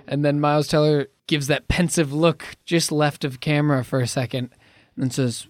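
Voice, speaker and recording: A man's voice: mid-range voice, fairly even intonation, moderate pace, hardly any pauses, darkish tone, no room sound. A man co-hosting a podcast, giving a wry, joking recap of a movie in casual chat. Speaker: podcast co-host.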